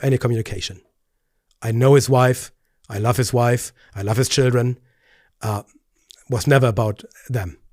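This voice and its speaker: A man's voice: medium pitch, darkish tone, dry recording. A man speaks as a pastor hosting his own commentary video. He talks earnestly, often stammering and restarting, and his voice climbs when he grows indignant. The recording is dry and close, with no room sound. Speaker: pastor and host. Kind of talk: video commentary responding to clips.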